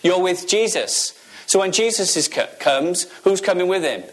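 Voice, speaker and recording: High-voiced emphatic male preacher. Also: expressive, moderate pace. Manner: emphatic, repeats key phrases, asks the audience questions. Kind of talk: sermon.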